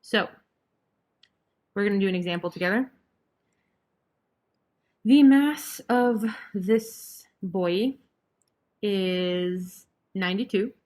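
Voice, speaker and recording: A young woman runs a live online chemistry review in a relaxed, chatty way. She teases her students with dry sarcasm, then goes right back to plain explaining. Her voice sits at an ordinary middle pitch. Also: slow pace, pauses often. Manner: casual, chatty, joking sarcasm. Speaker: chemistry tutor.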